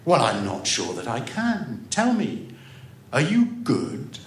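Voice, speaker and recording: A man's voice: mid-range voice, huge pitch swings, takes it slowly, slight background noise. A man reading a story aloud and voicing a strange, ragged teenage village girl who talks in a prim, airily self-important way. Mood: doubtful. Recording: roomy echo.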